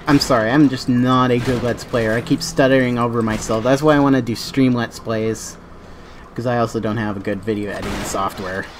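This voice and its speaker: Male game streamer, casual and rambling, stumbles over words, middling pitch, faint hiss behind. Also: fairly even intonation, a little fast. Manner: rambling, self-correcting, with many fillers. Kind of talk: casual live game commentary.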